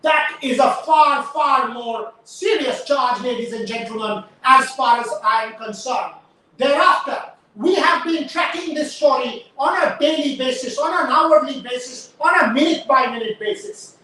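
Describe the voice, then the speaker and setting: Woman host, high voice, emphatic rhetorical live commentary, very echoey distant sound. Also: normal speed, bright, forceful tone. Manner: rhetorical, emphatic, repeated pointed questions.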